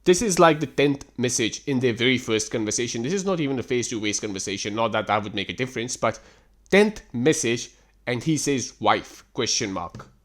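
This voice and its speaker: A man's voice: medium pitch, lively intonation, fairly quick, a bit bright. A man hosting a reaction commentary, ranting in an exasperated, sarcastic and profane way. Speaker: host reacting to text screenshots.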